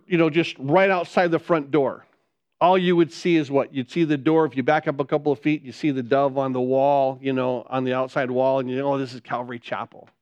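A man preaching a sermon as pastor, earnest, often repeating words and dropping to quiet emphasis. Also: fairly high pitch, highs cut off.

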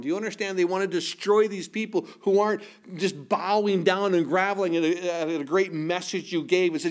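Animated preacher, man with higher voice. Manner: animated storytelling, acts out quoted voices with sudden loud and soft swings. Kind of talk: sermon.

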